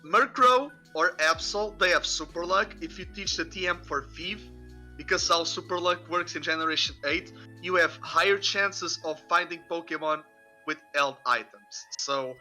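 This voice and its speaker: Bright high-voiced man rambling. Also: moderate pace. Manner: rambling, many fillers and restarts. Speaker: podcast host. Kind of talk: casual chat. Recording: faint music behind.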